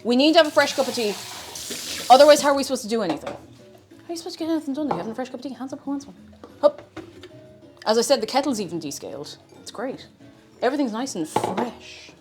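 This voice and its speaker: Irish woman streamer, slightly high, very animated delivery, scatterbrained kitchen chatter over faint music. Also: quick pace, pauses often. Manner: chatty and scatterbrained, hums little tunes. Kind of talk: casual live-stream chat while cooking.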